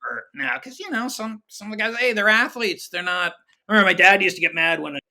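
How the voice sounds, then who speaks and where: A middle-aged man telling showbiz stories in a relaxed chat, acting out the voices of the people he quotes with animated shifts. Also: sits high, fast, gravelly. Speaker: guest comedy writer. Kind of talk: conversational storytelling.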